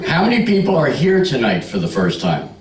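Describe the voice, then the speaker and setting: A male stand-up comic working a club crowd, brash and teasing, his pitch swinging up and down as he sells each joke. He sounds a bit off the mic, with an echoey room around him. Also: wildly swooping pitch, a little fast, far from the mic. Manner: brash, teasing, bawdy banter with the audience. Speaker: stand-up comedian. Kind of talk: stand-up comedy with crowd work. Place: comedy club stage.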